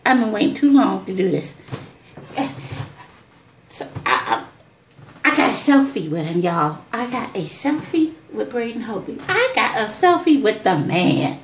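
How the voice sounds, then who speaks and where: A woman vlogger telling an excited personal story, exclaiming, repeating herself and calling her viewers y'all. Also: mid-range voice, a little slow, roomy sound, background noise.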